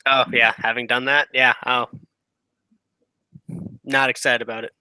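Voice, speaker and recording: A man's voice: medium pitch, little pitch movement, a little slow, pushed and bright, smooth, no room sound, poor audio. A man describing his character's actions in a tabletop game, speaking hesitantly. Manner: hesitant, laughing often. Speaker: player.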